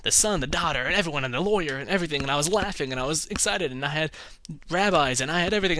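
A man in a casual opinion vlog, reviewing films with animated, exasperated ranting and putting on voices for others. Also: a little high, quick pace, dry recording. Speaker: film reviewer.

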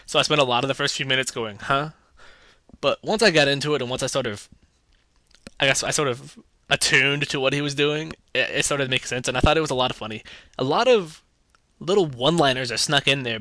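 A man's voice: mid-range voice, bright, forceful tone, dry recording. A young man giving a casual, chatty movie review with sarcastic asides.

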